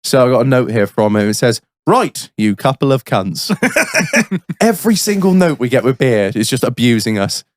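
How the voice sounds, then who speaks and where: A man co-hosting a podcast, chatting crudely, swearing freely and breaking into loud exclamations. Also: medium pitch, very animated, fast, few pauses, no echo. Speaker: podcast co-host. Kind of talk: crude casual banter.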